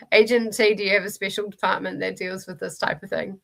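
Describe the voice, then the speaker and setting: A woman's voice: medium pitch, flat delivery, normal speed, vocal fry, a bit bright. A woman with a New Zealand accent hosting a reading livestream, chatting and laughing as she reads viewer comments aloud. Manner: chatty, laughs often, restarts and fillers while reading chat aloud. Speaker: streamer hosting a reading sprint.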